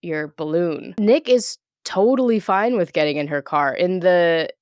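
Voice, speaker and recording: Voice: medium pitch, measured pace, clean tone, no room sound. A podcast co-host with a woman's voice, chatting playfully about a movie and teasing their partner. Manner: playful, teasing, swears casually. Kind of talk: casual movie review chat.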